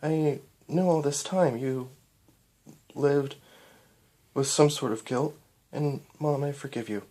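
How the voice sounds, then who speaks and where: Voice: medium pitch, slow pace, mellow, pitched above the performer's own voice. A reader voicing a tender young-adult pony princess in a storybook reading.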